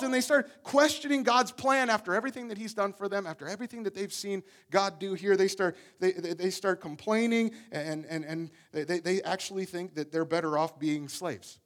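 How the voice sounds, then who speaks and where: A man's voice: sits high, brisk, few pauses, fairly bright tone. A man preaching a sermon, telling the story with energy and often repeating his words as he goes. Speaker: pastor.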